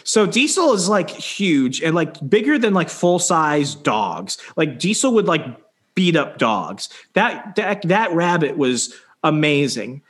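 A young man casually telling a story, swearing freely and acting out quotes with animated delivery. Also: a little high, slow, breathy edge. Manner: profane, animated, acts out quotes.

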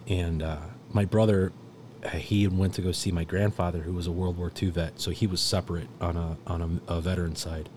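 A man telling a personal story in casual chat, animated and swearing, swinging from loud laughter to hushed near-whispers. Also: low voice, fairly quick, noisy background. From South Texas.

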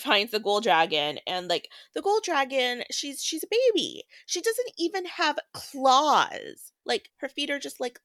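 A woman's voice: fairly high pitch, a bit bright, no echo, studio quality. A woman co-hosting a casual book podcast, retelling the plot in a chatty way with lots of fillers. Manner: chatty, filler-heavy, quick plot recap. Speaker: podcast co-host.

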